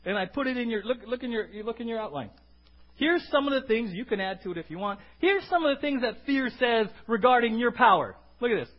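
High-voiced, animated male preacher. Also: quick pace. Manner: emphatic, call-and-response questioning. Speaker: pastor. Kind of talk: sermon. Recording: dull lo-fi recording.

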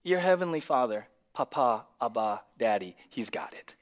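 A male pastor delivers a sermon in a voice that sits a little high for a man. He moves between quiet, close lines and loud, emphatic ones. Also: normal speed, few pauses. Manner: swings from hushed to loud and emphatic.

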